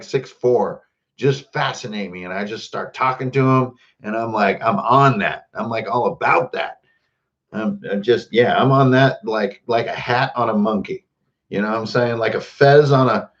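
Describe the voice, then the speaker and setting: A man's voice: medium pitch, highs cut off. Rambling, jokey man hosting a stream. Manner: rambling, jokey, greets chatters by name. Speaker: host. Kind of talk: casual livestream chat.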